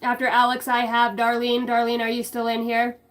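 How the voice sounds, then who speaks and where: A woman's voice: on the high side, monotone, normal speed, a bit bright. A woman giving a collective tarot reading on a livestream, talking in a loose, meandering way with casual swearing and many fillers. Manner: casual, meandering, swears freely, talks to chat. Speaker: tarot reader streaming live.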